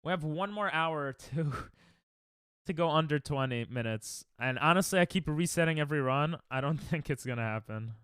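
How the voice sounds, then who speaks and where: A man's voice: fairly high pitch, lively intonation, moderate pace, fairly bright tone, clear, resonant tone, dry recording, clean studio sound. A man streaming a speedrun, chatting casually and joking with chat, laughing often.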